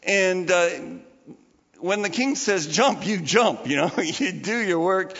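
Taking it slowly and expressively, a pastor with a high, fairly bright voice preaches a casual, chatty sermon and laughs in asides to the congregation. The audio is muffled with a long hall reverb.

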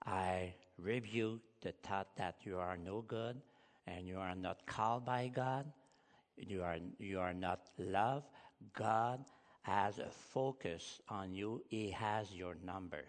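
A pastor with a fairly low voice preaches slowly and emphatically, rising loud on key points, in a hall with long reverb. English is not his first language, and his grammar shows it.

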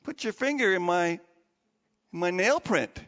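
Man voicing a gentle earnest teacher, lively tone, dull roomy sound. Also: high-pitched, slow pace, full character voice.

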